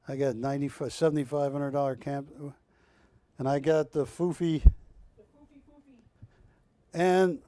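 A man hosting a live shopping show, selling with joking, drawn-out salesman patter. He speaks slowly and in a fairly high voice. The sound is dry and close. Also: steady tone, dark tone, dry recording. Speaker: shopping channel host. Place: TV studio.

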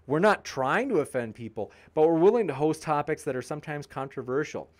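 A man's voice: fairly high pitch, expressive, fairly quick. A man hosting a live debate stream, reading viewer comments aloud and answering them with upbeat, jokey banter. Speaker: debate channel host.

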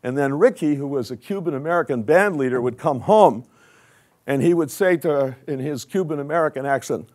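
A man's voice: on the high side, animated, a little fast, a little mellow. An older man giving a conversational conference lecture with slides, asking the audience questions. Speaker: conference speaker.

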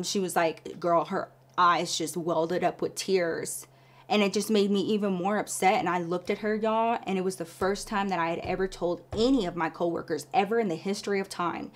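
A woman vlogger telling a story to her viewers in a casual, chatty way, calling them girl and y'all. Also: medium pitch.

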